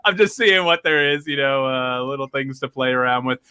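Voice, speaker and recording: A man's voice: mid-range voice, normal speed, bright, forceful tone, clear, resonant tone. A man hosting a casual podcast chat, rambling and laughing often as he talks. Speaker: podcast host.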